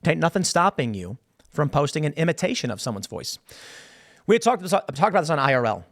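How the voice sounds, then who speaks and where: A man hosting a show, talking through the news in casual, opinionated commentary. His voice sits a little high for a man, and he keeps throwing out rhetorical questions. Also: a bit bright. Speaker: show host.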